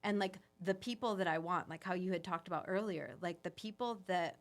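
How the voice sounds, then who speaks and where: A woman's voice: on the low side, a little fast. A woman who owns a spa, telling her story in a casual podcast chat, earnest and full of fillers. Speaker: spa owner guest.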